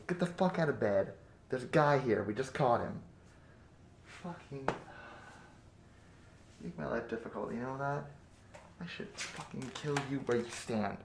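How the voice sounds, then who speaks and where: A man acting as a crude, menacing bandit captor in a 3D audio role-play, swinging between close whispers and loud taunts. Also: medium pitch, unhurried, vocal fry, pauses often, roomy sound, noisy background.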